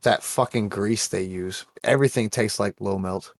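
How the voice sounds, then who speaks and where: A man co-hosting a podcast, ranting bluntly and profanely about fast food jobs. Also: fairly low pitch, dry recording, clean studio sound. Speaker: podcast co-host. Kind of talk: casual chat.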